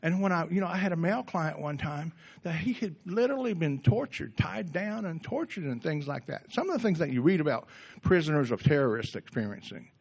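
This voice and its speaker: A middle-aged man giving a gentle, reflective recovery workshop talk in a conversational way, often restarting his sentences. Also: a little high, expressive, a little fast, creaky, hardly any pauses, breathy edge. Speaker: workshop speaker.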